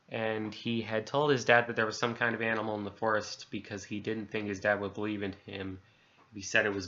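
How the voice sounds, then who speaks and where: A man's voice: lowish voice, sharp tone. A man reading a first-person horror story aloud, with mild stand-ins for swear words and some stumbles and restarts. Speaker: story reader. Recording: dull lo-fi sound.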